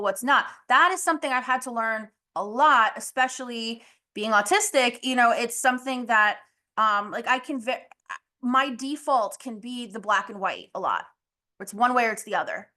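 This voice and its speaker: Chatty motivational woman, slightly higher voice. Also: normal speed, sharp tone. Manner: candid, chatty, frequent "like" and "you know", mild swearing. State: losing her voice, clearing throat. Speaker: podcast host. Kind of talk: casual motivational monologue.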